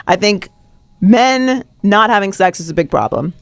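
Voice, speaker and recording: A woman's voice: mid-range voice, lively intonation, no echo. Frank, opinionated woman on a podcast. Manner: frank and opinionated, quick to laugh. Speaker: podcast guest. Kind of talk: casual podcast conversation.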